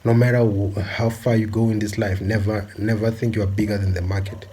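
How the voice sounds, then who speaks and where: A man from South Africa delivering a forceful, repetitive monologue with many filler pauses. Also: on the low side, flat delivery, slight background noise. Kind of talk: impassioned monologue.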